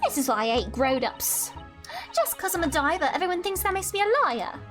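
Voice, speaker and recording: A woman's voice: extremely high pitch, sing-song, a little fast, music in the background, voice pushed up. A woman voicing a scrappy street girl. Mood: defiant. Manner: blunt, streetwise slang. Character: scrappy young street urchin girl, defiant.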